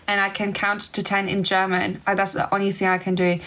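A young woman from Eastern Europe hosting a casual phone livestream, giggly and chatty, answering comments in quick short replies. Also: mid-range voice, completely flat delivery, fairly bright tone, low-quality recording. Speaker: livestream host.

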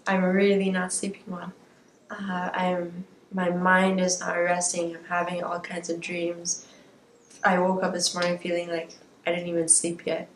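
A woman with a raspy voice, chatting candidly to her viewers in a casual video diary. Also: lowish voice, monotone, unhurried, echoey room, a little hiss or hum. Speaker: vlogger.

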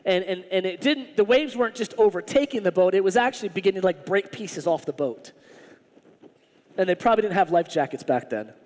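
A male pastor preaching a sermon in an animated, humorous, conversational way. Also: high voice, a little fast, in a large hall.

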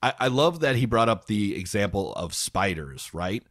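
A man's voice: on the low side, lively intonation, normal speed, a bit bright, no echo, clean studio sound. A man hosting a podcast, talking through ideas casually with many fillers. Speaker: podcast host. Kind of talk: casual chat.

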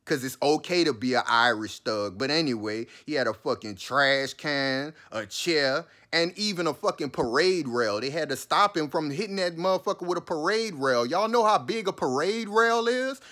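A man rants through a commentary, his voice sitting a bit higher than most men's. He swears freely, turns sarcastic and talks straight at his listeners. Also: lively intonation, moderate pace, few pauses, bright, forceful tone. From New Orleans, USA. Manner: heated, profane, sarcastic, addresses listeners directly. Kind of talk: ranting commentary.

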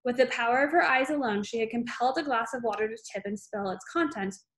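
A woman's voice: fairly high pitch, fast, fairly bright tone. A woman reading a children's novel aloud, unpolished, with small slips and fillers. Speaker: reader.

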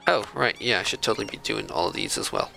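A man's voice: on the low side, very animated, fast talker, vocal fry, sharp tone, soft background music, low-quality recording. A man giving casual commentary over a strategy video game, chatting along and scolding the computer opponents in mock outrage. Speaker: video game let's-play host.

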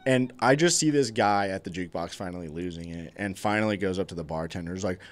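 Deep-voiced laid-back man chatting. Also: quick pace. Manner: laid-back storyteller, chuckles often. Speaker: podcast host. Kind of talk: casual chat.

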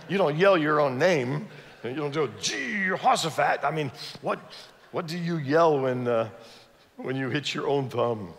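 Animated storytelling preacher in a big church. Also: male voice, medium pitch. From Ivory Coast, West Africa. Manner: animated storytelling, asks the audience questions. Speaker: guest preacher. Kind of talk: sermon. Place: church sanctuary. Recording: long church reverb.

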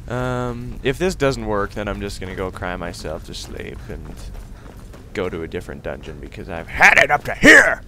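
A young man giving casual let's-play commentary, excitable and silly, breaking into sudden loud outbursts and laughs. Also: lowish voice, moderate pace, background noise. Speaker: gaming video host.

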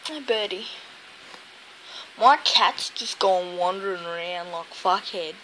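A woman's voice: fairly low pitch, slow pace, sharp tone, slight background noise, poor audio. A woman vlogging from home by a window, sleepy and grumbling, swearing in nearly every sentence. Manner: swears constantly, drowsy and grumbling. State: sleepy, just woke up. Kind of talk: casual rambling vlog.

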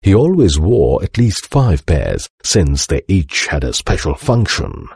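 Man narrating a children's story, low husky voice, dry close sound, very animated. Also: unhurried, dry recording. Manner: animated, expressive reading. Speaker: storybook reader.

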